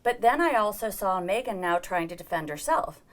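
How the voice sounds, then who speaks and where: A woman's voice: mid-range voice, lively intonation, moderate pace. A middle-aged woman giving an earnest personal account as an interview guest, acting out the dialogue she quotes.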